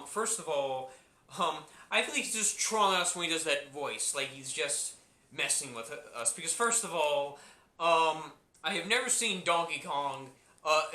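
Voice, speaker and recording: A man's voice: on the high side, sharp tone, reverberant. A man giving a casual spoken movie review, rambling and repeating himself with many restarts.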